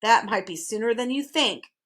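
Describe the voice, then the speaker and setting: A sensible male watchdog from a storybook, dry and impatient, voiced by a woman reading aloud. The voice is bright and raised. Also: on the high side, expressive, normal speed.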